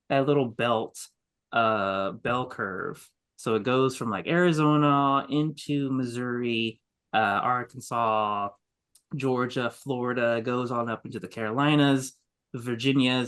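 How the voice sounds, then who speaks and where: A man's voice: medium pitch, fairly bright tone, clear, resonant tone. A man co-hosting a podcast, explaining casually with many fillers and restarts. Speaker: podcast co-host. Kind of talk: casual chat.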